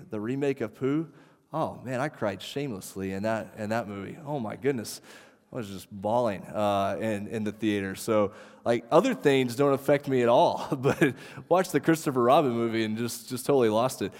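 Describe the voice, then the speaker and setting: A man's voice: medium pitch, darkish tone. A man in his thirties preaching a sermon as pastor, conversational and self-deprecating, with frequent fillers. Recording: reverberant hall.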